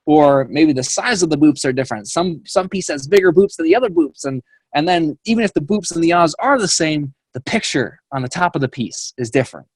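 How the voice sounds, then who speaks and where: A man's voice: fairly high pitch, lively intonation, a little fast, slightly rough, no echo. A man voicing his playful older grandfather, who earnestly and enthusiastically explains things. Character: playful older grandfather, musing over puzzles.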